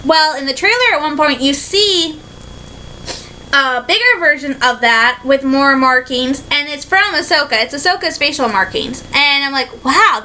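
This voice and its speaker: Bright, high-voiced excitable woman vlogger. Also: slight background noise, low-quality recording. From Michigan, USA. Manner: excitable and rambling, many "like"s and fillers. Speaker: vlogger reacting to a trailer. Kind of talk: casual fan reaction vlog.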